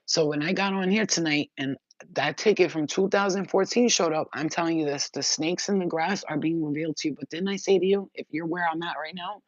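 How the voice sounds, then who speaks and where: A woman's voice: deep voice, fairly quick, no echo. A woman spiritual reader talking in a casual, emphatic, rambling monologue. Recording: dull, slightly muffled sound.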